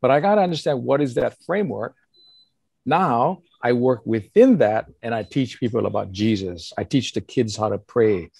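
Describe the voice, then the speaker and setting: Gravelly older man. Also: medium pitch, moderate pace, no room sound, studio quality. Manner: earnest, animated storytelling with acted quotes and chuckles. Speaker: pastor. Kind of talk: casual conversational counsel.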